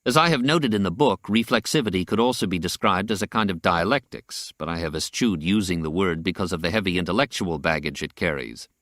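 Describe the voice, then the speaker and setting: A man narrating a nonfiction audiobook in a measured, deliberate reading style. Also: sits low, fairly bright tone, no echo, clean studio sound.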